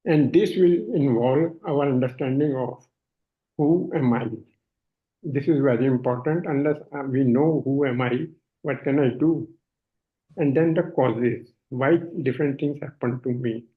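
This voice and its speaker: Brief: older Indian man, measured explanatory lecturer, narrow phone-like audio from a video call. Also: medium pitch. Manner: measured, explanatory, with many fillers. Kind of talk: online lecture presentation.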